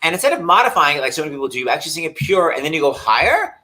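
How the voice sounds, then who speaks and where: Excitable host with a lively, high voice. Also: male voice. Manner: excitable, theatrical, interrupts with quick questions. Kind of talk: casual video-call interview. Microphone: video call.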